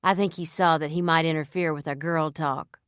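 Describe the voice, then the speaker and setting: A woman narrating a novel in the first person with a measured, even storytelling manner. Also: low-pitched, smooth, dry recording, studio quality. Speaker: audiobook narrator.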